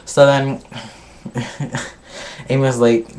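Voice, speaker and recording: A man chats through a reality show episode in a loose, gossipy way, swearing freely and skipping parts with filler. His voice sits at an ordinary middle pitch. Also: steady tone, takes it slowly, darkish tone. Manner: gossipy, swears a lot, skips ahead with "blah, blah, blah". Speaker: vlogger reviewing a reality show. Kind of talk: casual recap.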